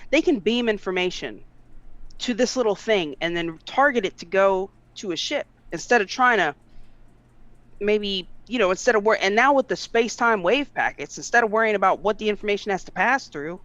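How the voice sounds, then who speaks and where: Brief: loud, animated co-host, mid pitch, slightly muffled lo-fi stream sound. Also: normal speed, no echo. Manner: loud, animated, talks with hands. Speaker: livestream co-host. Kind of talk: casual live-stream chat.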